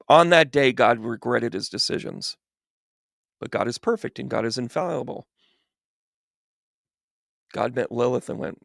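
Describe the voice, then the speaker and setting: A man's voice: mid-range voice, measured pace, creaky, long pauses, a bit bright, dry recording, clean studio sound. A man, a spiritual medium, telling a comic, irreverent retelling with rambling restarts. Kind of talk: comic storytelling talk.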